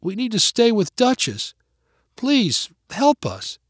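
A man voicing a small, teary boy who speaks softly and earnestly in a storybook reading. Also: on the high side, lively intonation, normal speed, husky, no echo, clean studio sound. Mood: pleading. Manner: soft, earnest pleading. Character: hopeful small boy, teary and soft-spoken.

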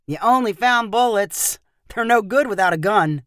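A woman's voice: medium pitch, animated, moderate pace, a bit bright, no room sound, studio quality, pitched above the performer's own voice, close to an everyday voice. A woman voicing a cocky young American man in a storybook reading, breezy and joking.

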